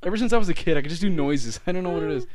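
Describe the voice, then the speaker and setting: A man co-hosting a podcast in casual, animated chat, swearing often and rambling with restarts. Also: a little high, rapid-fire. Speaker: podcast co-host.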